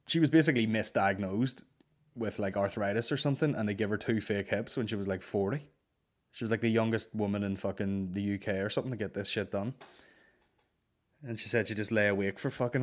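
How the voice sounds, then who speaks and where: A man in his thirties hosting a comedy podcast, telling rambling, sweary stories. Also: lowish voice. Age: 30s. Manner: swears a lot, rambling, animated. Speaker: podcast host. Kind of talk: casual comedic storytelling.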